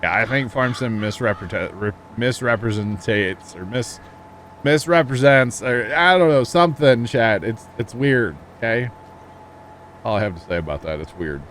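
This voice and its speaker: A man's voice: mid-range voice, expressive, normal speed, a bit bright, a little hiss or hum. A man giving casual commentary on a farming game stream, reading and answering chat as he explains farm equipment. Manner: chatty, reads chat aloud, explains farming gear. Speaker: livestream host.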